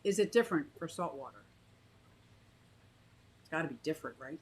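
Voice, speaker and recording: A woman in her fifties who vlogs about aquariums chats casually to the camera and her live chat about her fish tanks, restarting often and wandering into asides as she thinks aloud. Her voice is expressive, brisk and somewhat dark, and she coos to her pet bird in a high sing-song. The audio is poor, with slight background noise.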